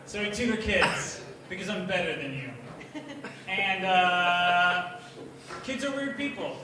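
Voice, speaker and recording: A young man at an open mic doing rambling, profane stand-up that bursts into shouting. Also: high voice, takes it slowly. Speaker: stand-up comedian. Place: small bar at an open mic night, indoors. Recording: echoey bar taped from far off, with room noise.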